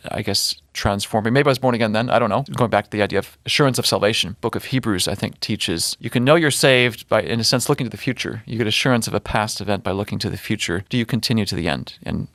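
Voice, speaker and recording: A man in his forties with a Wisconsin accent speaks quickly as an interview guest. His voice sits a little low and the sound is dry and close, with no room echo. He often stops to correct himself as he thinks aloud. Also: a bit bright. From Wisconsin, USA. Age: 40s. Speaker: guest scientist. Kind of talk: casual interview talk.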